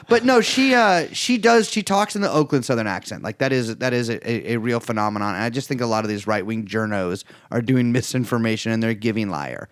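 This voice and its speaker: A man's voice: medium pitch, expressive, a little fast, few pauses. A young man from the East Bay co-hosting a podcast, talking casually and profanely with lots of restarts. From East Bay, California. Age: young adult. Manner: rambling, stumbling restarts, profane. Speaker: podcast co-host. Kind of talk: casual political chat.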